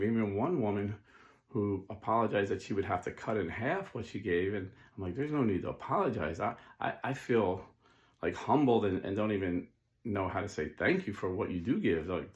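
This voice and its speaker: A man hosting his own channel, talking casually to his supporters in an earnest, folksy, self-deprecating way, with many fillers and restarts. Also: fairly low pitch. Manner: earnest, folksy working-class talk. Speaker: channel host.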